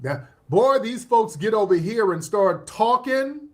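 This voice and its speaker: A man's voice: high voice, expressive, measured pace. Emphatic man hosting a livestream. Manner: emphatic, often stops with "hold on" while scrolling. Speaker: livestream host. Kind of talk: commentary on social media posts.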